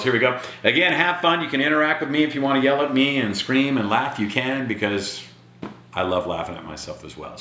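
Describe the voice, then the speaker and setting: A teacher reading a picture book aloud to children, chatty and playful. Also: male voice, mid-range voice, pushed and bright, slight background noise. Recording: echoey room.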